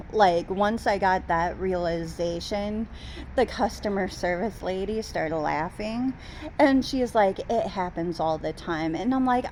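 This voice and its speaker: Woman, casual vlog storytelling, slow pace, quotes people animatedly, faint rumble behind. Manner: animated retelling, quoting others in raised voice. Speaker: vlogger.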